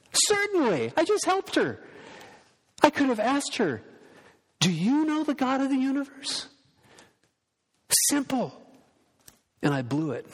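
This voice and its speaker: Preaching man in a reverberant hall. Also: on the high side. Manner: earnest storytelling preacher, acts out quoted voices. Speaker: pastor. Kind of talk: sermon.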